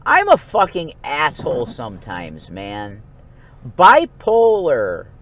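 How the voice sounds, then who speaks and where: A man vlogging in a rambling, profane monologue, swinging between low mumbles and sudden outbursts. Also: huge pitch swings, takes it slowly, fairly bright tone, a little hiss or hum.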